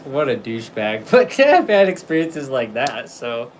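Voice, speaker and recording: A man's voice: mid-range voice, very animated, measured pace, slight background noise, rough recording. Rambling, cursing man on a livestream. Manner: rambling, profane, laughs often. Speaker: livestream host. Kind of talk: casual livestream chat.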